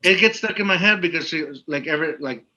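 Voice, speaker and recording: A man's voice: fairly high pitch, fast talker, pushed and bright, dull audio. A young man co-hosting a podcast, joking around and reading out listener questions in casual chat. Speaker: podcast co-host.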